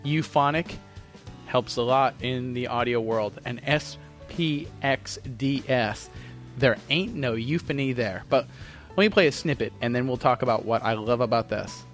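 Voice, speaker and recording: A man's voice: mid-range voice, a little slow, faint music behind. A man hosting a podcast, ranting casually and profanely. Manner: profane, heated, swings into loud mocking voices. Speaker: podcast host. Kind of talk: casual opinionated rant. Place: Myrtle Beach, South Carolina.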